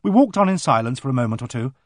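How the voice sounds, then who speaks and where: Man narrating with lively intonation. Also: medium pitch, no echo, clean studio sound. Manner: measured storytelling with voiced dialogue. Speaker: audiobook narrator. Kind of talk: scripted narration.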